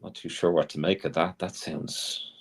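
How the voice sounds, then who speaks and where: A man co-hosts a relaxed chat, easygoing and ready to laugh along. His voice is low and deep. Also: normal speed, slightly rough. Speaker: co-host. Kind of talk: casual chat.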